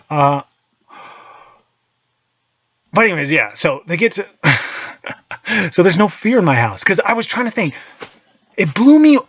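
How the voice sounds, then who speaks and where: A man in his thirties talks in a loose, profane monologue, and his pitch swings widely up and down as he tells his stories. His voice is slightly husky. The sound is dry and a little dull, like a lo-fi podcast recording. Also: dry recording. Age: 30s. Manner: profane, animated storytelling. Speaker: podcast host and holster maker. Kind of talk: casual monologue.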